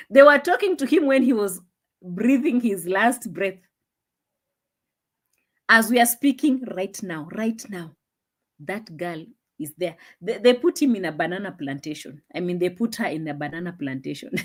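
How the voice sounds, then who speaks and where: A young woman hosting a casual live stream, chatting and laughing, dropping into low asides, on a phone mic. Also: big pitch swings, a little slow.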